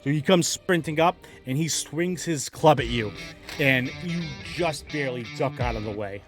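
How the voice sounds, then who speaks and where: A man running a tabletop game as game master, narrating combat in a lively way and adding sound effects. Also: medium pitch, normal speed, over music.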